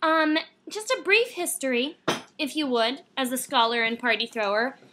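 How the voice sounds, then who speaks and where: A woman's voice: high voice, normal speed, background noise. A young woman hosting, introducing a guest in a playful mock-formal manner. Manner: playful and overly formal, laughing. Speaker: host.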